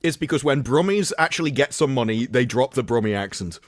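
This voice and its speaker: Guy cracking dry jokes on a stream, mid pitch, chatty. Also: lively intonation, fairly quick, dry recording. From England. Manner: joking, riffs on British accents with dry humor. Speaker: stream co-host. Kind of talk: casual chat.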